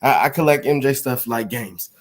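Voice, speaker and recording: A man's voice: medium pitch, moderate pace. A man joking around as a guest on a casual gaming podcast, stumbling into restarts and laughing. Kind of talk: casual chat.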